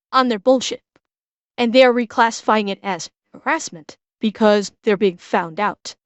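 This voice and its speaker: A woman's voice: a little high, no echo. A woman streamer giving blunt, profane, casual commentary while reacting to a video.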